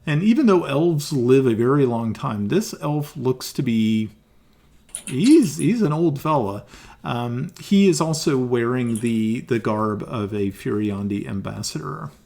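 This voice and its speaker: Slow, halting man running the game. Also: mid-range voice, lively intonation, creaky, darkish tone. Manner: halting, many ums and restarts. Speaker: game master. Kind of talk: narrating a tabletop game.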